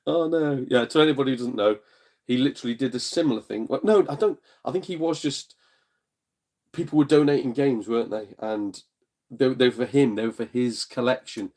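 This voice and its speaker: A man talks straight to his viewers on a casual live stream from home, his voice sitting at a middling pitch. He comes across blunt and jokey, swears now and then, and slips into quick put-on voices to retell back-and-forths. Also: lively intonation, darkish tone. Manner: chatty, blunt, jokey, swears, puts on voices in retold exchanges. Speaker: streamer and gaming channel host. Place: at home in a front room.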